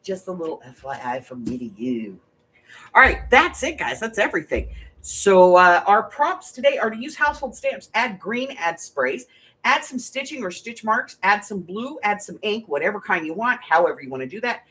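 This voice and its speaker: A woman's voice: mid-range voice, sing-song, moderate pace, a bit bright, slightly rough. A woman hosting a casual craft livestream from her home crafting room, chatty and jokey, rambling a little and laughing often as she gives out prompts.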